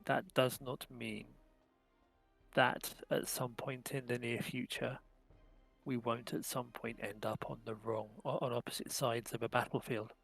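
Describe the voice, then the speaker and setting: A man voicing a grave male adventurer who quietly warns a rival, measured and solemn. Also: medium pitch, level tone, creaky, husky, soft background music, full character voice.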